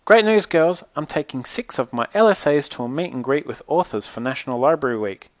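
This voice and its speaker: Guy putting on a bubbly lady librarian, high and chirpy, dry close sound. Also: lively intonation, brisk, no echo, lightly acted. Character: cheerful adult woman school librarian.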